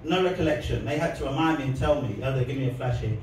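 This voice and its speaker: A man's voice: medium pitch, fast. A man doing a rambling, laugh-filled stand-up set and comedy vlog. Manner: rambling, laughing between lines. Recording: echoey, distant mic, noisy background.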